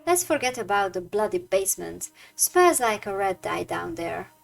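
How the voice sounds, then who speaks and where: A woman voicing a jittery, gruff working-class male house guard in a game, with rough slangy delivery. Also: medium pitch, very animated, normal speed, music in the background.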